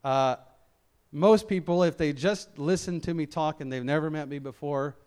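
A middle-aged man from Memphis gives a sermon in a loose, chatty way, often restarting his sentences and poking fun at himself. His voice is smooth and resonant and sits a little high for a man. He carries no regional accent. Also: moderate pace, darkish tone. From Memphis, Tennessee. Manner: conversational, self-deprecating, with frequent restarts. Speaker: lay preacher.

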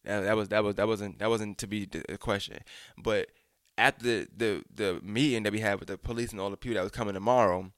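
A man's voice: fairly low pitch, brisk, no echo, studio quality. A young adult man telling a personal story casually, acting out the voices of the people in it, with slang and frequent restarts. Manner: animated, acts out quotes, frequent restarts and slang.

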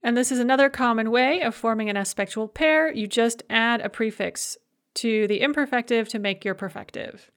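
A woman teaching a language grammar lesson, explaining verb forms in a clear, methodical way and slowing down to spell out each form. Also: fairly high pitch. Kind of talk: recorded grammar lecture.

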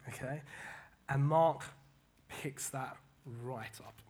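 A man preaching a casual sermon, animated, often repeating words and paraphrasing scripture. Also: mid-range voice, takes it slowly.

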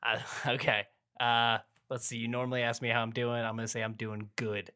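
A young man co-hosting a casual sports podcast, relaxed and wry as he sets up a rant. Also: mid-range voice, a little fast, clean tone. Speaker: podcast co-host.

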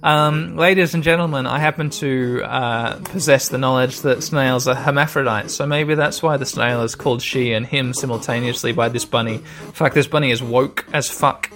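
A man's voice: medium pitch, fairly even intonation, moderate pace, fairly bright tone. A man casually commenting on a video game as he plays, rambling and swearing freely. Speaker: gamer. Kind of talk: casual let's-play commentary.

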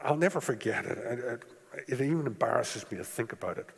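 A man preaching a sermon in a lively, rising and falling voice that sits a little high. His tone is slightly husky, and he drives points home by repeating key words. Long church reverb trails after each phrase. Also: fast.

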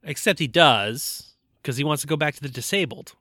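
Bright, lively man recapping a movie. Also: on the high side, fairly quick, no room sound, clean studio sound. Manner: jokey, recaps plot with stumbles and laughs. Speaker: podcast co-host. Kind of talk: casual movie-review chat.

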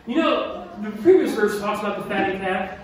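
A man preaching a sermon, animated and emphatic, who repeats key lines and asks his listeners questions. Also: high voice, moderate pace. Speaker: pastor. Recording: echoey hall from far off with faint noise.

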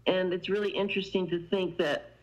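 A woman's voice: fairly low pitch, steady tone, a little fast, highs cut off. A woman guest telling a long story in casual conversation, meandering and sprinkling in fillers. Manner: meandering, many "you know" fillers.

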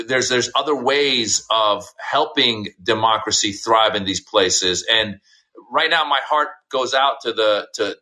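A man's voice: mid-range voice, pushed and bright. A man co-hosting a casual talk show, speaking bluntly and heatedly with many restarts. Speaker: podcast co-host. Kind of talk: casual political discussion.

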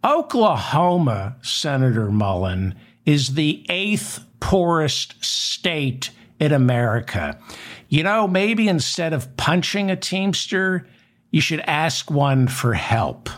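A man hosting a satirical news commentary, delivering a sardonic, mocking monologue with deliberate emphasis. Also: a little high, very animated, a bit bright.

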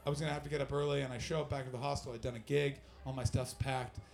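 Young canadian guy doing stand-up, raspy fry in his voice, talks loose and animated. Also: mid-range voice, rapid-fire. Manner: loose, profane, animated storytelling. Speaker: stand-up comedian. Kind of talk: stand-up crowd work and storytelling.

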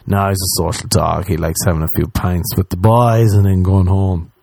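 A young man ranting casually and comically, swearing often and mocking other people with quick impressions. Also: low-pitched, steady tone, gravelly, darkish tone, dry recording. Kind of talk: casual comedic rant.

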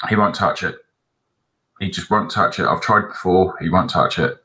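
Low, bright-voiced man, swearing. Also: normal speed, poor audio. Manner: rambling anecdotes, heavy swearing. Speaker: podcast co-host. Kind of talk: casual chat.

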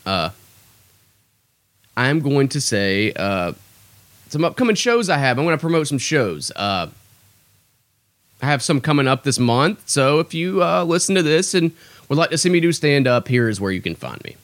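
The young podcast host and comedian rants in a profane, exasperated, self-deprecating monologue. His mid-range voice is sing-song, at normal speed with frequent pauses and a fairly bright tone, on a dry recording.

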